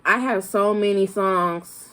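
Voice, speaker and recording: A woman's voice: mid-range voice, slow, bright, forceful tone. A young woman vlogger with a slight Southern country accent, chatting casually and rambling with lots of fillers and restarts. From Flint, Michigan, raised in Arkansas. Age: young adult. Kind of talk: casual chat to camera.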